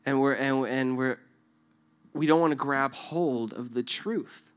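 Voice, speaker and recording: A man's voice: medium pitch, a little slow. A man preaching in an earnest, conversational way, often checking in with his listeners by asking "right?". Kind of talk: sermon with acted illustration.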